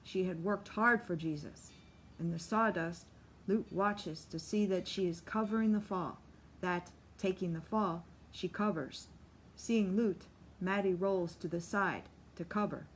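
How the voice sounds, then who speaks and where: Woman narrating a novel, measured. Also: lowish voice, a little hiss or hum. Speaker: audiobook narrator. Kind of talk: scripted narration.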